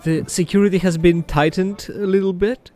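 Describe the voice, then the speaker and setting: A man narrating a tabletop game as game master, in slow, measured speech with pauses. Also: sits high, steady tone, darkish tone, soft background music.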